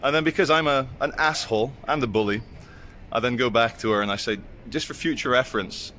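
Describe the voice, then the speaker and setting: A man's voice: medium pitch, fast, pushed and bright, slight background noise. A man with a sardonic, crude, ranting manner, vlogging as he walks through an indoor shopping centre, recorded on a handheld camera. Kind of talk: walking vlog with sardonic commentary.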